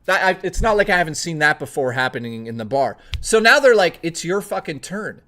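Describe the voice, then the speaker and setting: Swearing, animated male streamer. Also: on the high side, a little fast. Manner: profane, animated anecdote telling. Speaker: streamer telling stories. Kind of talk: casual storytelling to chat.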